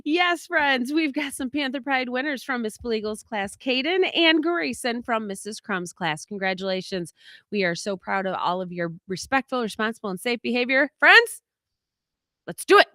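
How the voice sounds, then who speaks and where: A woman's voice: on the high side, lively intonation, normal speed, fairly bright tone, no room sound. A woman teacher on the school morning announcements, cheerful and upbeat with the children.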